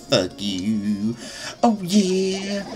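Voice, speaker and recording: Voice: mid-range voice, sing-song, very slow, over music. A let's player giving gameplay commentary, swearing and grumbling at the game as they go. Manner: profane, grumbling running commentary. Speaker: let's play gamer.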